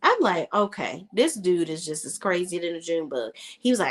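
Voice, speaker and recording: A woman's voice: on the low side, moderate pace. Woman recapping a tv show, voice swoops way up and down, acts out the lines. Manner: animated, exclaiming, acts out characters' lines. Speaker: TV recap host. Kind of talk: casual TV recap commentary.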